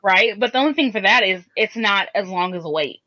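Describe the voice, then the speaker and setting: Rambling bright-voiced woman co-host. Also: mid-range voice, animated, a little fast. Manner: rambling, explains at length with restarts. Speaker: podcast co-host. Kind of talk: casual chat. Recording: dull lo-fi podcast recording.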